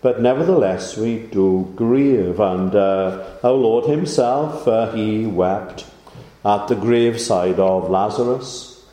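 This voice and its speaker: A man's voice: on the low side, warm tone. Man preaching in an echoey room. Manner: measured delivery with frequent "uh" pauses, rising for emphasis. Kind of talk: sermon.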